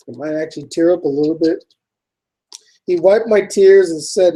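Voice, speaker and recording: High-voiced animated man reading fan mail. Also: normal speed, pauses often, rough recording. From United States. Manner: animated, reacting aloud, swears casually, drifts from loud exclamations to quiet mumbles.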